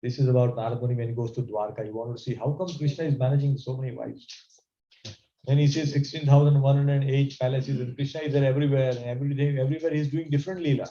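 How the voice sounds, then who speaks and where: Man, scripture class teacher, animated storytelling, very mellow voice, echoey room. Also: mid-range voice, fast talker, highs cut off. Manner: animated, conversational, asks the audience questions.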